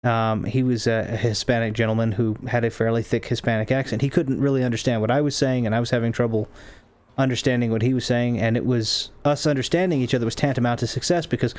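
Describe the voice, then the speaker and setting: A man's voice: mid-range voice, steady tone, fast talker, a little mellow. Rambling man chatting while gaming. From Southern United States. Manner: rambling, restarts often, chats with viewers. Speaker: streamer. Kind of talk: casual chat while playing a game.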